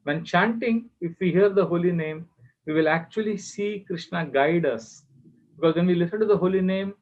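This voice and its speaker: A fairly high-voiced man gives a devotional class, telling a story with feeling. He acts out the voices of the people in his story. The sound is muffled, as over a video call. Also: normal speed. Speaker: spiritual teacher.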